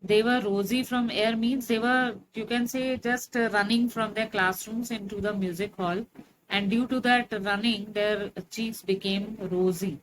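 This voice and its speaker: A woman teacher talks through a story line by line at an unhurried pace, pausing on fillers as she explains. Her voice sits at a middle pitch. A steady noisy hiss runs under the recording. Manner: slow, explanatory, frequent fillers. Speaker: English teacher.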